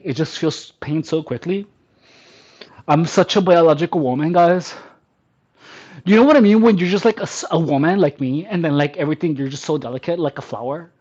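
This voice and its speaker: High-voiced man, mock-girly workout chatter. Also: darkish tone, breathy edge. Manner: mock-girly, sarcastic joking persona; counts reps aloud while exercising, straining. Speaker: fitness vlogger. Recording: dull lo-fi sound.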